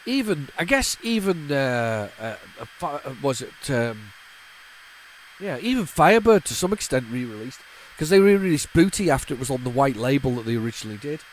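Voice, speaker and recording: Male host, 40s, loose nostalgic chatter over old games, lots of restarts and false starts, everyday middle pitch. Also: big pitch swings, brisk, a little hiss or hum, low-quality recording. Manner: rambling and nostalgic, with frequent stammering restarts and repeated words. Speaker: retro gaming channel host. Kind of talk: casual off-the-cuff commentary while loading a tape.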